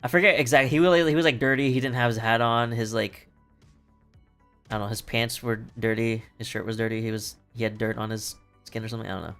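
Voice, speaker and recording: A man's voice: medium pitch, fairly even intonation, quick pace, fairly bright tone, clear, resonant tone. A man streaming from home, recapping a play in casual chat, rambling and swearing with lots of fillers and restarts. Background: faint background music.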